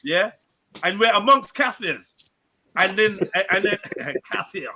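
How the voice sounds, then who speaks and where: A man's voice: high-pitched, slow pace, over a noisy crowd. A man hosting a live-stream panel, joking and teasing in casual banter with plenty of swearing. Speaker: panel host.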